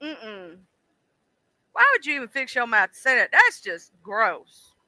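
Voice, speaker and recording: Bright, animated woman streamer. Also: a little high, no room sound. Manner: animated, blunt and exclaiming, quick to voice disgust. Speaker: livestream host. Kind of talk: casual livestream chat reacting to viewers.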